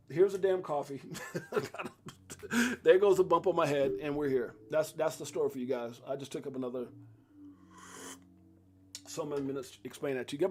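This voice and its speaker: A man hosting a casual crypto live stream, rambling and chatty, laughing often and breaking into sudden loud excited bursts. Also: on the high side. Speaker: crypto livestream host. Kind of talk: casual live-stream chat and market rundown.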